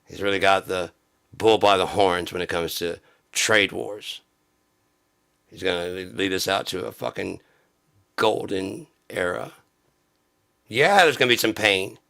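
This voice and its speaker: Bright-toned sarcastic male comedian. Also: sits low, a little slow, creaky, pauses often. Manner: sarcastic, profane, jumps into mocking voices. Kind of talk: satirical comedy rant.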